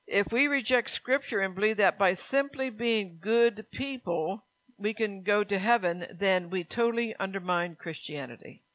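A woman's voice: mid-range voice, a bit bright, no echo. An older woman preaching a home-church sermon, rambling into chatty stories with laughs. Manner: rambling, conversational storytelling with laughs. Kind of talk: folksy sermon.

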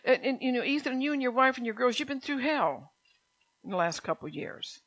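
An older woman delivers a sermon in a loose, conversational manner, drifting into asides and then rising into impassioned spoken prayers. Her tone is bright and forward. The recording is dry, with no room sound. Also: high voice, sing-song, fairly quick, no echo. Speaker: preacher.

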